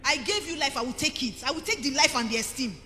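A high-voiced Nigerian woman pastor preaches with a bright, sharp edge and swings her pitch widely. Her emphatic delivery rings through a reverberant church hall. Faint music plays underneath. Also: expressive, fast talker. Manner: emphatic, rising to forceful preaching. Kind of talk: sermon.

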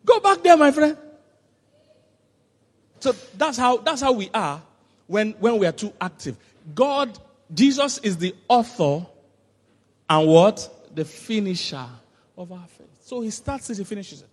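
A man preaching a sermon as pastor, telling animated stories with laughter and sudden shouts. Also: high voice, a little slow. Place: church hall. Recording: long hall reverb.

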